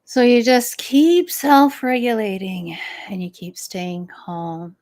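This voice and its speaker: A middle-aged stress management coach offers advice in a live talk, speaking softly and at a relaxed pace with easy laughs. Her voice sits in the mid-range and her tone stays steady.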